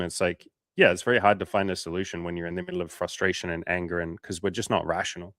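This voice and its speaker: A man's voice: level tone, quick pace, few pauses, a bit bright, clean tone, no room sound, studio quality. A man coaching viewers on a livestream, talking bluntly and casually, swearing now and then. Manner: blunt, casual, swears, acts out quotes in higher voices.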